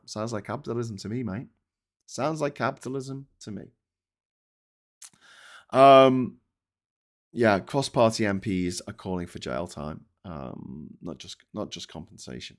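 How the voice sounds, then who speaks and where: A middle-aged man hosting a daily political news show, talking in a blunt, sarcastic, sweary ranting style with many fillers and restarts. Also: sits low. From Britain. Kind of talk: casual ranting commentary.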